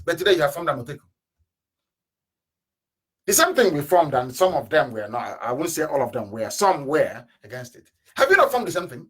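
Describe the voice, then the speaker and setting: A man giving an impassioned political radio address, with rhetorical questions and sudden bursts of shouting. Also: mid-range voice. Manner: fiery, rhetorical, mocking laughter, sudden shouts and drops. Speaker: radio broadcaster. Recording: live internet radio broadcast.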